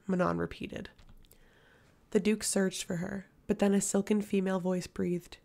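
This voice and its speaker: A woman reads a fantasy novel aloud in a steady, measured way. Her voice has a gravelly fry and stays mostly level in pitch. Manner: steady, measured reading with flat intonation. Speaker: audiobook reader. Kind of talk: audiobook fiction narration.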